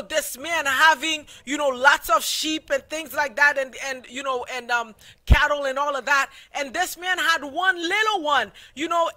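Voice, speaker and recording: A man's voice: extremely high pitch, bright, forceful tone. A man teaching a Sabbath School Bible lesson in a loose, preachy way, with many fillers and restarts.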